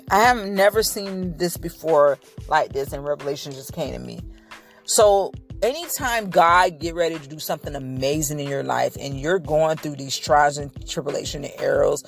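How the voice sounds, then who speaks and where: A woman hosting a podcast sermon, preaching conversationally, speaking directly to her listeners and reading scripture aloud with hesitations. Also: deep voice. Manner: earnest, directly addresses listeners. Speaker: podcast host.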